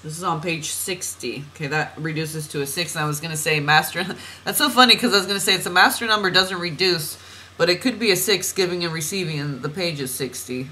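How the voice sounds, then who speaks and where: A woman's voice: on the low side, brisk, pushed and bright, slight background noise, poor audio. A woman reading oracle cards for a client in a chatty, meandering way, laughing at herself and drifting off on tangents. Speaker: oracle card reader. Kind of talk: spiritual card reading monologue.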